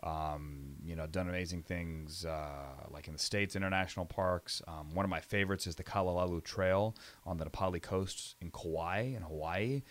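A man in his forties, a sports broadcaster chatting as an interview guest, animated and telling stories with quick restarts. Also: low voice. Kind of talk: casual interview chat.

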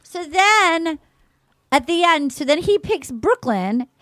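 A woman hosting a casual chat, telling stories in an animated way with acted-out quotes. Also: extremely high pitch, slow, no echo, studio quality. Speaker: podcast host. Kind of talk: casual chat recapping a TV show.

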